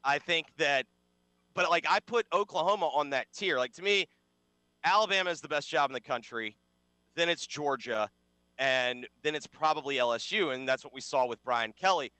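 A man's voice: on the high side, lively intonation, moderate pace, sharp tone, clean tone, no room sound. A man co-hosting a casual sports talk show, wry and sarcastic, rambling through his points. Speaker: sports radio co-host.

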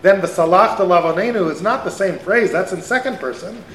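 High-voiced man lecturing animatedly. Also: brisk, a little hiss or hum. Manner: animated, many rhetorical questions and fillers. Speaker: rabbi teaching a class. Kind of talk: lively lecture. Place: event hall. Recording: roomy hall sound.

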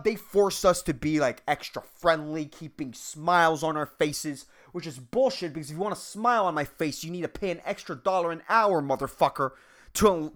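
A man's voice: high-pitched, pushed and bright. A man in his thirties hosting a solo podcast, rambling and swearing, jumping from topic to topic and calling the listener "dude.". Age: 30s. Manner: rambling, profane, says "dude" and "man" constantly; jumps between topics, self-mocking. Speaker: podcast host. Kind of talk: solo casual rant.

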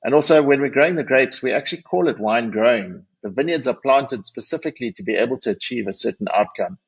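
Talking fast and expressively in a slightly rough, mid-range voice, a South African winery managing partner guests on a radio interview. He often starts over and uses self-deprecating humour. The recording is dull and lo-fi.

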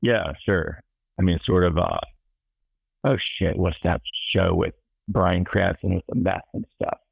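A man's voice: low voice, steady tone, a little slow, gravelly, breathy edge, no room sound. A man guesting on a podcast, joking dryly and rambling with restarts. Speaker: podcast guest, gun reviews editor. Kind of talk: casual podcast interview. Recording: dull lo-fi mic.

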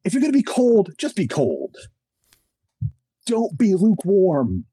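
A middle-aged man speaking as a podcast guest, his husky, mellow voice swinging widely in pitch as he preaches with emphasis. He pokes fun at himself along the way. The sound is close and dry. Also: wildly swooping pitch, unhurried, no echo, rough recording. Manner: self-deprecating humor. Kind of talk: animated conversational testimony.

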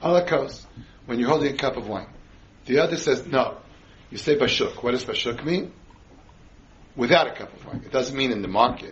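A man's voice: mid-range voice, fairly bright tone, dull audio, a little hiss or hum. Man giving a Torah class, full of questions. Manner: quizzes the audience with frequent questions. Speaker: rabbi teaching a class.

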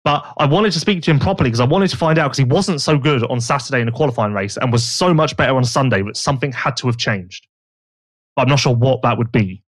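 A man's voice: medium pitch, quick pace. A man co-hosting a podcast, chatting casually and teasingly about motocross racing, rambling with restarts. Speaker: podcast co-host.

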